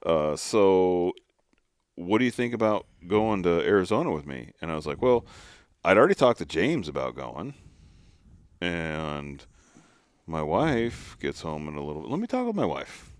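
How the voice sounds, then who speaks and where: A man with a very low, deep voice tells a story in relaxed podcast chat, slipping into quick impressions of the people in it. The sound is dry and close, with no room echo. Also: clean tone. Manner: animated storyteller, acts out quotes. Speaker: podcast co-host.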